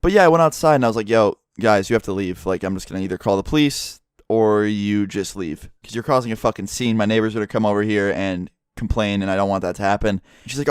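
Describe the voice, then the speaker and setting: A man's voice: lowish voice, clean tone, dry recording, clean studio sound. A young man vlogger telling a story in a blunt, heavily profane, casual way.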